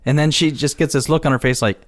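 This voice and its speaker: A man's voice: a little high, fairly even intonation, quick pace. A man co-hosting a podcast, recapping a movie in casual chat and acting out quotes with lots of laughter. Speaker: podcast co-host.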